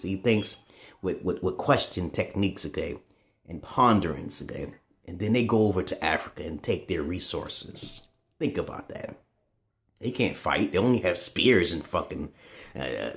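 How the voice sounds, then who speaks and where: Man, low voice, very lively pitch, profane rant to camera, loud bursts then mutters. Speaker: vlogger. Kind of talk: casual ranting monologue to camera.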